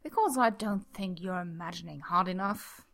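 A grim, panicky man in a storybook reading mutters and snaps through his lines, as a woman reader voices him. The voice is a little lower than her own narration, with a gravelly edge. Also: moderate pace, pushed and bright, full character voice. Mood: grim grumbling. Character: panicky grumbling man pretending to be a tree.

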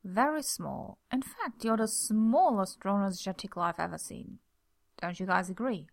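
A woman's voice: mid-range voice, normal speed, creaky. A woman voicing a teasing, flirtatious man. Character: charming, teasing grown man team leader.

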